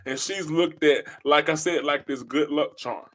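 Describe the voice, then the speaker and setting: In a passionate podcast monologue, a host with a notably high and slightly bright voice preaches emphatically at a measured pace. He keeps circling back to the same phrases, driving each point home.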